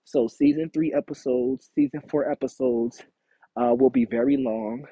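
A man hosting his own podcast, giving listeners updates in a casual, unhurried, rambling way with many fillers. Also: mid-range voice, fairly even intonation, mellow, slightly rough, dry recording, highs cut off. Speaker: podcast host. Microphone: phone or small home setup.

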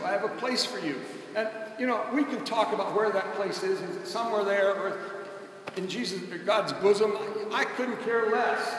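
A man's voice: high voice, moderate pace, fairly bright tone. A man preaching a sermon in a conversational, emphatic way, calling on the congregation to answer him. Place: church. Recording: echoey church hall, mic at a distance.

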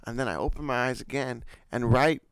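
A man's voice: medium pitch, fairly quick, clear, resonant tone, no echo, clean studio sound. A young man co-hosting a podcast, telling a story in casual chat and acting out the screams and quotes. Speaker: podcast co-host.

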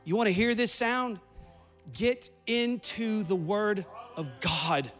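A man's voice: high voice, slow pace, fairly bright tone, faint music behind. A man preaching a sermon in a church, building with repetition and urgency and leading a prayer. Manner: preaching with rising intensity and repetition. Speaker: pastor. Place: church sanctuary.

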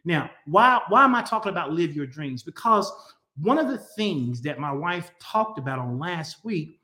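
A middle-aged man pastoring through a casual live stream, his voice pitched a little above the usual male range. He jokes and teases, greeting people by name. It sounds like a phone or webcam stream from home. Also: animated, normal speed, pushed and bright. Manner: playful, teasing, greets viewers by name. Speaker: pastor hosting a weekly live talk.

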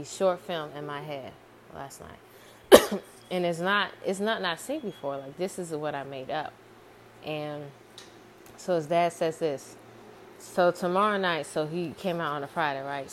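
Low-voiced woman retelling a story. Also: a little slow, slight background noise. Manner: rambling, repetitive, many fillers. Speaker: amateur screenwriter.

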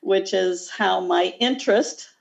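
A woman's voice: mid-range voice, slow pace, vocal fry, lo-fi sound. A woman in her sixties with a Midwestern accent, a guest nurse practitioner speaking earnestly in a podcast interview.

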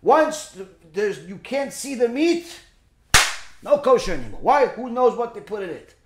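A man's voice: very high-pitched, normal speed, background noise. A man giving an informal religious lesson through a story, checking in with his listeners by asking "okay?" and "right?". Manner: animated, peppers points with "okay?" and "right?". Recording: echoey room.

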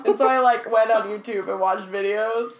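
A woman's voice: on the high side, normal speed. A woman reading out trivia in a casual chat, laughing often and swearing freely.

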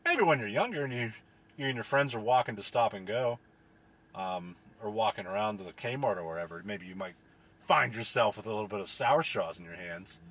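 Bright, animated man ranting. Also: mid-range voice, slightly rough. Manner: profane, rambling, exasperated. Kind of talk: solo comedic rant.

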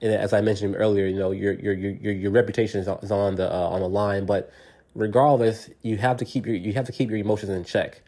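Middle-aged guy podcasting advice, kinda low voice, rambly, keeps repeating himself and restarting. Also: steady tone, fast, warm tone. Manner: earnest, rambling, many repeated words and restarts. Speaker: podcast host. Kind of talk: unscripted advice monologue.

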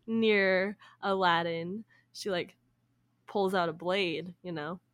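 A woman's voice: fairly low pitch, steady tone, fairly bright tone, no echo, studio quality. Giggly young woman retelling a story. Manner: laughs often, acts out characters with quick voices. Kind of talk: casual storytelling chat.

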